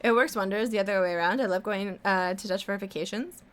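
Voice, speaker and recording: Woman streamer, mid-pitched, talkative and rambling, casual and a bit salty, hums while drawing. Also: quick pace, a bit bright. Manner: rambling, chatty, swears casually, hums to herself. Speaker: live-stream artist.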